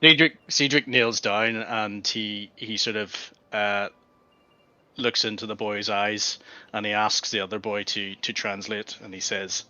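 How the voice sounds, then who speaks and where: Bright-voiced man playing a tabletop game. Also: lowish voice, steady tone, measured pace, no room sound, lo-fi sound. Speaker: player. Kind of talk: casual tabletop game chat.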